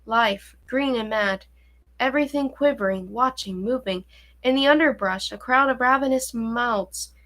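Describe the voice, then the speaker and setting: A woman's voice: a little high, a little slow, fairly bright tone. A woman reading as an old professor recounting travels. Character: old male professor recounting a jungle journey. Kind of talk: reading a novel aloud.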